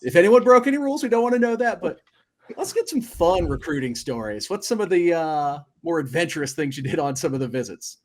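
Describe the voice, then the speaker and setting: A man's voice: a little high, big pitch swings, fairly quick, slight background noise. A man hosting a podcast, asking playful, joking questions. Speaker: podcast host. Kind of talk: casual podcast interview.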